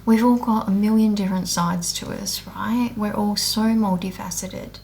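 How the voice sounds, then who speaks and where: A woman's voice: mid-range voice, steady tone, normal speed, gravelly, a little mellow, slight background noise. A woman speaking in a candid, unscripted monologue, blunt and heavily profane, earnest and emotional as she rambles with restarts about her spiritual awakening.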